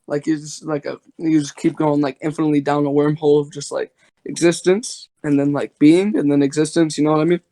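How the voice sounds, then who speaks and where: Higher-voiced man rambling through a debate. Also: level tone, brisk, dark tone. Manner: rambling, heavy on filler words. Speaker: debater and channel host. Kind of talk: casual online debate.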